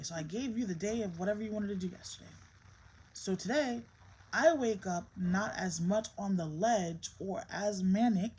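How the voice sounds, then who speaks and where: A woman's voice: mid-range voice, a little mellow, breathy edge, rough recording. Stern mother talking to camera. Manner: scolding, stern and emphatic with her child. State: emotionally strained. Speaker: mother and vlogger. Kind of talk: candid vlog talk to camera.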